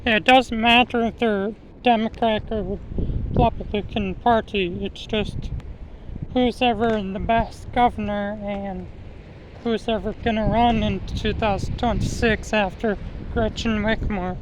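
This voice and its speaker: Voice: medium pitch, fairly even intonation, unhurried, noisy background. A vlogger talking in a casual, rambling way, often repeating and restarting words, recorded outdoors near water. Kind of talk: casual opinion vlog.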